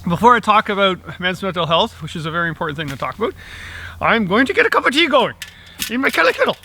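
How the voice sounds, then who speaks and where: A man's voice: high-pitched, very animated, fast talker, bright, forceful tone. A middle-aged man chatting casually outdoors in the woods as he makes tea over a small stove, chuckling often between rambling asides. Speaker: outdoor vlogger. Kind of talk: casual chat while camp cooking.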